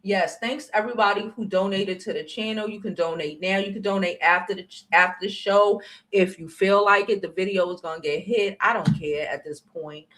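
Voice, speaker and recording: A sharp, bright-voiced woman from the United States hosts her own livestream commentary. She talks bluntly and profanely and goes after people in her chat head-on. Her level jumps from loud outbursts down to low muttering. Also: fairly quick. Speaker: channel host.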